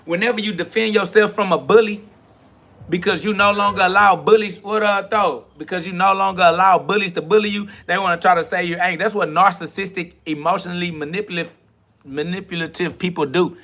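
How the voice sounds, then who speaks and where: A man's voice: high-pitched, fairly even intonation, fairly quick, bright, forceful tone. A man hosting a livestream podcast, ranting in a confrontational, profane and preachy way. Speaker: podcast host. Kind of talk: livestream self-talk rant.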